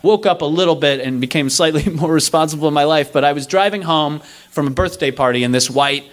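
A young man telling a comedic story live on stage, acting out the other people's lines in an animated way. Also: a little high, fairly quick. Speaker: stand-up storyteller. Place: live stage before an audience.

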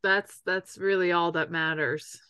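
A woman chatting eagerly with her friends on a podcast, quick to agree and jump in. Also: fairly low pitch, fairly even intonation, sharp tone, smooth, no room sound, studio quality. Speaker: podcast co-host. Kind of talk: casual chat.

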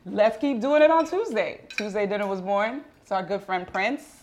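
A woman's voice: medium pitch, normal speed. Laughing woman hosting a dinner chat. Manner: laughing, lively, slangy. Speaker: podcast host. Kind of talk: casual chat over dinner.

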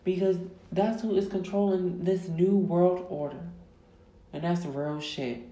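A woman rants as a podcast host, loud and emphatic, swearing freely and stretching her words for stress. Her voice sits low and has a dark, mellow tone. The sound is roomy, with echo around her. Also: fairly even intonation, a little hiss or hum. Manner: loud, emphatic, heavy profanity, drawn-out stresses. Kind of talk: profane casual rant. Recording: echoey room.

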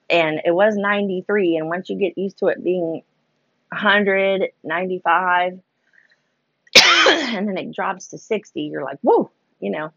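Chatty low-voiced woman rambling. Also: fairly bright tone, dry recording. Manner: chatty, rambling, self-deprecating, heavy on "like" and "you know". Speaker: vlogger. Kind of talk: casual storytelling vlog. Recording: dull lo-fi recording.

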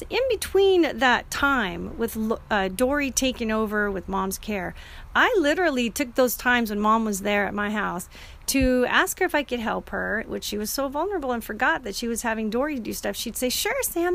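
A woman's voice: fairly high pitch, animated, moderate pace, vocal fry, fairly bright tone. A middle-aged woman telling a personal story in a casual, earnest and emotional way, often restarting her sentences.

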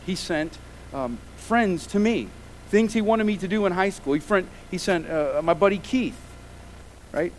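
A man's voice: sits high, lively intonation, measured pace, slight background noise, poor audio. A man preaching a sermon as pastor, emphatic and full of rhetorical questions.

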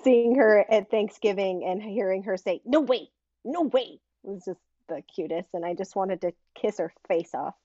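A woman's voice: mid-range voice, fairly even intonation, normal speed, hardly any pauses, dark tone, dry recording. A woman co-hosting a casual podcast chat, giggly and gushing about the kids. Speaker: podcast co-host. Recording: slightly muffled dry audio.

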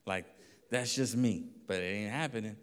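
A pastor telling a lively story in a sermon, acting out voices and laughing often. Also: male voice, lowish voice, moderate pace, smooth. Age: adult. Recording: long reverb of a hall.

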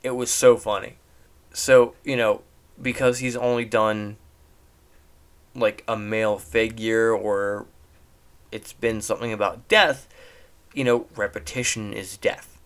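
Young man for a casual, rambling movie recap that gets animated at the funny bits. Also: on the low side, a little slow, pauses often. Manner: rambling, animated, laughs at jokes.

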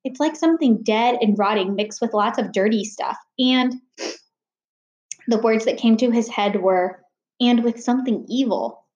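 A woman's voice: a little high, unhurried, highs cut off. Woman reading a children's novel aloud. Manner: expressive storytelling. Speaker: reader leading a read-aloud. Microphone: video call. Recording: roomy echo.

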